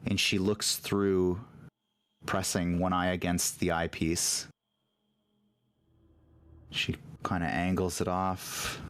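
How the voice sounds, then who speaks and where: Slow, low-voiced male game master. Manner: relaxed, halting narration with fillers. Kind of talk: narrating a tabletop game.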